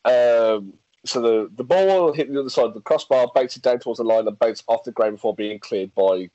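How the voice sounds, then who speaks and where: A man's voice: medium pitch, a little fast, few pauses, dry recording, dull audio. A man chatting casually as a podcast co-host, reading facts aloud with lots of restarts. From England. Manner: animated, reads facts aloud, frequent restarts and laughs. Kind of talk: casual chat.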